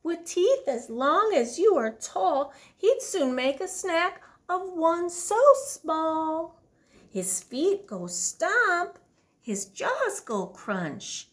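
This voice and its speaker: A woman's voice: extremely high pitch, very animated, a bit bright, voice pushed up, full character voice. A woman playing a fretful mother dinosaur. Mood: warning. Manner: dramatic, slow warning. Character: anxious mother dinosaur warning her child. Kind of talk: storybook reading aloud.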